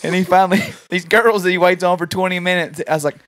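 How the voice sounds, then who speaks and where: A man's voice: sits high, fairly even intonation, fast talker, fairly bright tone, a little hiss or hum. A man telling stories in a casual chat, rambling and acting out what people said. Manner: rambling, laughing often, acts out quotes.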